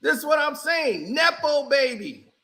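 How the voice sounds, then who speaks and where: A man doing casual, animated reaction commentary on a basketball clip, mocking and shouting as he reacts. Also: extremely high pitch, a little slow. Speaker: sports commentary streamer.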